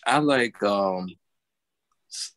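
A man's voice: on the low side, drawn-out words, fairly bright tone, no echo. A man co-hosting a podcast, chatting casually with lots of hesitations and fillers. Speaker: podcast co-host.

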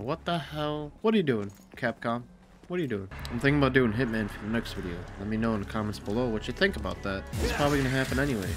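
Excitable man with a stuffy nose. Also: mid-range voice. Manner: excitable, cursing, trash-talking. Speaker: gaming video creator. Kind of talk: casual gameplay commentary. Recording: game music behind.

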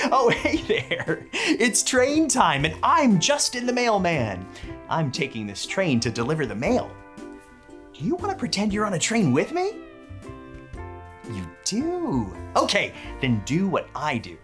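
A man in a mailman role who presents a children's Bible lesson, playful and animated, and leads call-and-response games. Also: sits high, measured pace, faint music behind.

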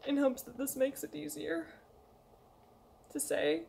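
Emotional young woman, high voice. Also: fairly even intonation, unhurried, creaky, darkish tone, a little hiss or hum. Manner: emotional, hesitant, pleading, reads a letter aloud. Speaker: vlogger. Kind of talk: emotional personal confession.

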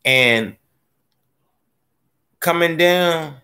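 A man hosting a gardening live stream, chatting casually as he reads viewer comments, joking and laughing, his voice swooping from low mutters up to high squeals. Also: extremely slow, gravelly, bright, forceful tone. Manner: playful, laughs often. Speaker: gardening livestream host.

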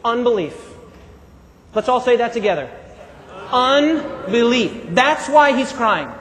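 A man with a very high voice delivers an animated sermon and calls on the congregation to answer back. He is recorded in a large hall with a long, trailing reverb. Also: moderate pace. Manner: animated, call-and-response with congregation. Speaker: preacher. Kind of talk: live sermon.

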